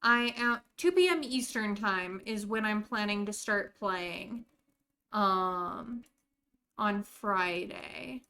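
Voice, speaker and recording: A woman's voice: mid-range voice, takes it slowly, pushed and bright, clear, resonant tone. An American woman streaming a game live, chatting casually and talking to her viewers by name while she plays.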